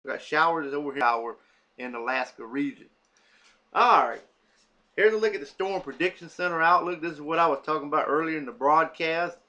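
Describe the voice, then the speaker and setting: A man's voice: a little high, fairly quick, bright, forceful tone, highs cut off. A man giving a casual weather forecast, reading lists of cities off a map with many fillers.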